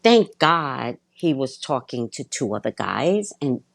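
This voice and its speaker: Gravelly, low-pitched woman telling a blunt story. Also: takes it slowly, dry recording, low-quality recording. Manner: blunt, profane, animated storytelling. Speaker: vlogger. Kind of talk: casual storytelling monologue.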